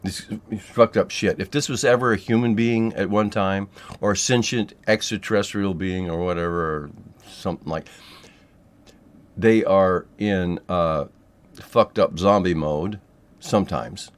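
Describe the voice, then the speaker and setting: A man teaching a spiritual technique in a loose, rambling monologue, swearing freely and filling pauses with ums and yeahs. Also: low-pitched. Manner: loose and profane, rambling with many fillers. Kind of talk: casual monologue to camera.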